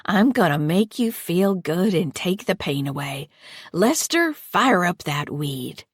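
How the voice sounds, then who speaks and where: A woman's voice: fairly low pitch, big pitch swings, slow, husky, no echo, clean studio sound, full character voice. Woman doing Patty, drawling menacing caretaker. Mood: coaxing. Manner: drawling, crude slang. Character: coaxing menacing female caretaker.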